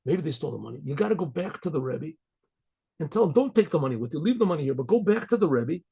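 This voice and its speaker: A man's voice: on the high side, very animated, fast talker, creaky, mellow, husky, heavily acted. A man voicing a cautious wife in a folk story, urging her husband on in his own voice. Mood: urgent.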